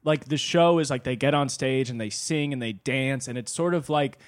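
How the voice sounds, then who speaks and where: A man co-hosting a podcast, telling stories in a blunt, profane, animated way. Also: mid-range voice, normal speed, no room sound. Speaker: podcast co-host. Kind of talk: casual podcast chat.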